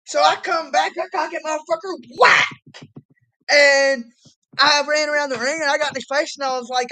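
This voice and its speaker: A woman with a high, bright-pitched voice hosts a loose, foul-mouthed interview. She tells her stories loudly, breaks into laughter and acts out what other people said, keeping the chat relaxed. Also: moderate pace, low-quality recording. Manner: loud, laughing storyteller who acts out others' lines. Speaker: host. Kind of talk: casual profane interview chat.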